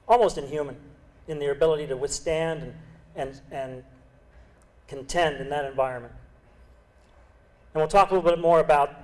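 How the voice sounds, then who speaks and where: A man's voice: a little high, darkish tone, poor audio. A middle-aged man, a senior Navy medical officer, giving an earnest public lecture with emphatic repetition. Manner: earnest, emphatic speech with repeated phrases. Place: club lecture hall.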